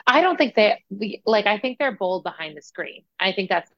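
A young woman co-hosting a podcast, talking casually and thinking out loud with lots of fillers. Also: mid-range voice, animated, moderate pace, no echo, lo-fi sound. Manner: talkative, thinks aloud with many fillers. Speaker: podcast co-host. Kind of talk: casual chat.

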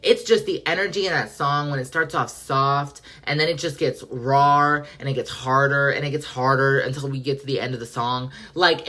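A woman's voice: sits low, a bit bright. A woman hosting a podcast in casual pop culture chat, effusive and profane, acting out quotes dramatically. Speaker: podcast host.

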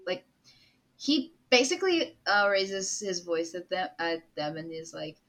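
Slow, hesitant woman player. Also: lowish voice, big pitch swings, a bit bright, poor audio. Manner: slow, hesitant, many fillers. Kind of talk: tabletop game play.

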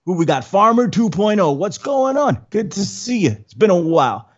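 A man's voice: high-pitched, big pitch swings, moderate pace, dull audio. A man hosting a casual livestream podcast, rambling and repeating words as he greets the chat. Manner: rambling, repeats words, friendly shout-outs. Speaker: podcast host.

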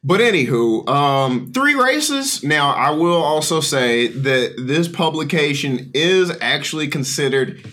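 A man's voice: fairly high pitch, animated, slow, pushed and bright. A man co-hosting a podcast in loose, joking banter, laughing often and restarting his sentences. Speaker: podcast co-host.

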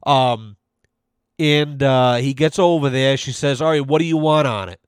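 A man with a clear, resonant, mid-range voice speaks at a moderate pace, recorded dry at studio quality. Hosting a podcast, he tells a long, profane story in a casual, rambling rant, acting out the people in it.

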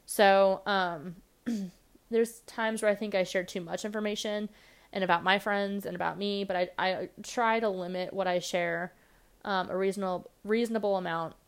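A young woman hosting her own podcast, talking fast and rambling casually with lots of fillers. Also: mid-range voice, fairly even intonation, smooth. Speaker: podcast host. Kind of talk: casual solo podcast monologue.

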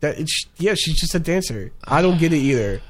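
A man's voice: a little high, expressive, a little fast. A young man chatting casually about ads he has seen, rambling with plenty of fillers and restarts. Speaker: co-host reviewing ads. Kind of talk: casual chat.

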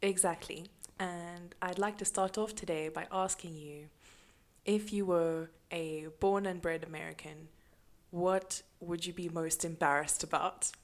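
A woman's voice: on the low side, steady tone, a little slow. A young woman co-hosting a podcast in casual chat, laughing often. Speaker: podcast co-host.

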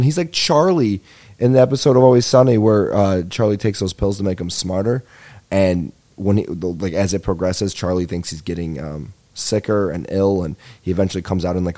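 Rambling, profane young man, low and mellow. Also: steady tone, a little fast. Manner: rambling, profane, self-deprecating storytelling. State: a little tired. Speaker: podcast host. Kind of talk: casual comedic monologue.

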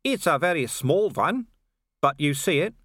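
A man's voice: fairly high pitch, big pitch swings, moderate pace, fairly bright tone, no echo, voice pushed up. A man voicing a weary, dry-witted middle-aged male watch commander in an audiobook, sardonic and dry.

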